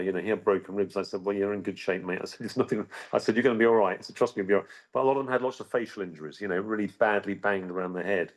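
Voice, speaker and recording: Man, middle-aged, lowish voice; earnest interview guest, halting storyteller. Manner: halting, with frequent restarts and repeated words. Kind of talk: recounting a personal story.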